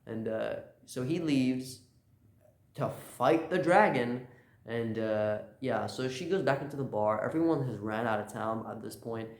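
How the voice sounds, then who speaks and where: A man of middling pitch talks through a story recap in a loose, rambling way, dropping "uh" and "like" often and jumping into quoted lines. The recording is roomy, with a noticeable echo around his voice. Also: unhurried. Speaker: YouTuber recapping a manga chapter. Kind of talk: casual spoken recap.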